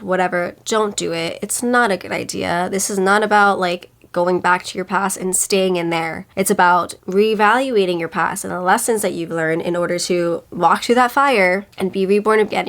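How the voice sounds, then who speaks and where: A young woman in her twenties talking casually and earnestly to camera, giving astrology advice with lots of filler words. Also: mid-range voice. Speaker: astrology content creator. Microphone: camera mic.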